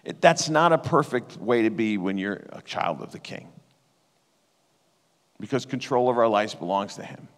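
A man's voice: lowish voice, expressive, normal speed. Earnest man preaching in a reverberant hall. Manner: earnest, conversational, emotional storytelling. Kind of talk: sermon with personal testimony.

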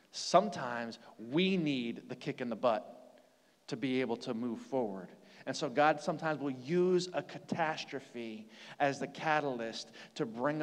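An American man preaching a conversational sermon, asking rhetorical questions and moving from loud to hushed. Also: medium pitch. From United States. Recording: long hall reverb.

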